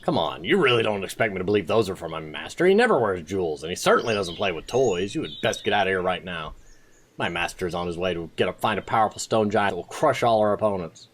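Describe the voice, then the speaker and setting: Small blustering creature guard, overblown threats, as a man puts it on, lively pitch. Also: quick pace. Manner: overblown threats undercut by petty ones. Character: small snarling Dagoo creature, guarding its master.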